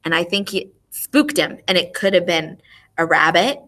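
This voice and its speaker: A woman teaching a music lesson to young children online. She speaks expressively and clearly, asking questions and then answering them herself. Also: fairly low pitch, animated, moderate pace, fairly bright tone.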